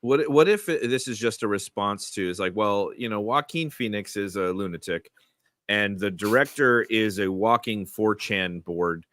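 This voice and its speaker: A man's voice: fairly low pitch, expressive, normal speed, a bit bright, dry recording, clean studio sound. A man co-hosting a podcast, chatting casually with wry, sardonic jokes. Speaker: podcast co-host. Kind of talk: casual chat.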